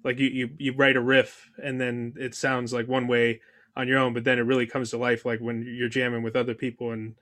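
A man's voice: medium pitch, monotone, brisk, fairly bright tone. A man interviewing a filmmaker, asking casual questions full of "like" and restarts. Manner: casual, many fillers like "like". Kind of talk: conversational interview.

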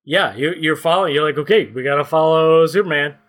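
A man from Canada narrating a comedic story game as game master, laying out scenes slowly with mock suspense. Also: a little high.

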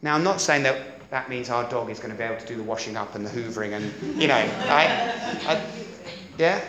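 A middle-aged man preaching a sermon in a lively, conversational way, often checking that his listeners follow. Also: medium pitch, a little fast, slight background noise. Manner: lively, conversational, keeps asking "does that make sense?". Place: church hall. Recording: echoey church hall.

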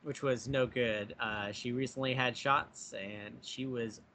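A man's voice: medium pitch, fairly even intonation, unhurried, sharp tone, a little hiss or hum. A man co-hosting a podcast, chatting casually and joking about being a Bigfoot. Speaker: podcast co-host. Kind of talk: casual chat.

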